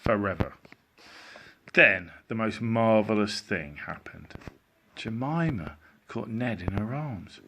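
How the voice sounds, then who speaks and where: A man reading a children's storybook aloud as a teacher, in an animated, expressive way. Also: lowish voice, slow pace, long pauses, slight background noise.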